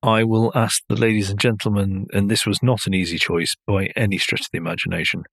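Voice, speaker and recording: Male podcast co-host, casual and rambling, lowish voice, dry close sound. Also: fairly even intonation, a little fast, vocal fry, a bit bright, no echo. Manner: chatty, rambling, laughs often. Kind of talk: casual chat.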